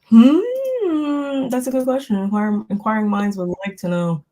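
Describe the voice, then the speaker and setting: A woman co-hosting a casual reality TV recap, relaxed and chatty. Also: a little high, measured pace. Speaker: co-host.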